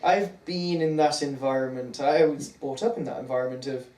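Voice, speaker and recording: A man's voice: mid-range voice, moderate pace, a crowd in the background. A young man with an East Midlands accent, co-hosting a casual reaction chat with a jokey, self-deprecating manner. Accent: East Midlands English. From England, near Nottingham. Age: young adult. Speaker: co-host of a reaction show. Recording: roomy, distant, faint background noise.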